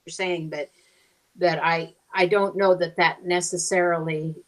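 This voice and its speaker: A woman's voice: fairly low pitch, little pitch movement, measured pace, over a noisy crowd, rough recording. An older woman chatting on a podcast, starting hesitantly and telling stories wryly. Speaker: podcast panelist. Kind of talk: casual chat.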